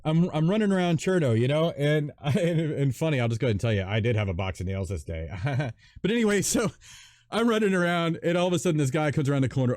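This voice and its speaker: A man's voice: fairly high pitch, lively intonation, fast talker, a little mellow, no room sound, studio quality. A man hosting a casual livestream chat, telling stories with enthusiasm and frequent chuckles. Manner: enthusiastic storyteller, chuckles often. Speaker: stream host.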